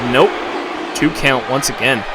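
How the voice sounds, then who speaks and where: A man doing play-by-play commentary for a video game wrestling show, getting excited and shouting at the big moments. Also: medium pitch, unhurried, heavy background noise. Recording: loud music and crowd behind.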